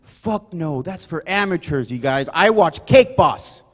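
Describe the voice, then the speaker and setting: A man performing a rambling, loud stand-up set, forever adding "you guys" and "right?". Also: a little high, expressive, a little slow, big-room sound. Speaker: stand-up comedian. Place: comedy club stage.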